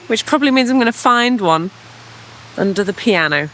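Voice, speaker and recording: Woman, chatty vlog, bubbly, excitable, light background noise. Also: on the high side, brisk. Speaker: professional saxophonist and vlogger. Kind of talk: casual vlog chat. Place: in a car and out and about.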